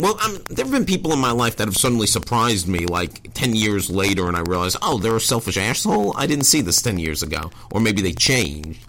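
A man's voice: mid-range voice, a bit bright, slight background noise. A man as a podcast guest, talking casually and candidly, rambling with many fillers and self-corrections. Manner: rambling, self-deprecating, frequent "like". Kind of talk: casual conversation.

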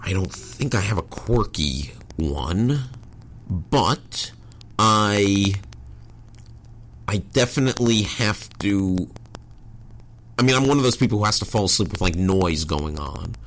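A man's voice: on the low side, expressive, slow, long pauses, fairly bright tone. A man who is a guest in a studio interview, rambling through stories with lots of fillers and self-mockery. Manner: rambling, self-deprecating storyteller with many fillers. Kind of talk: casual interview chat.

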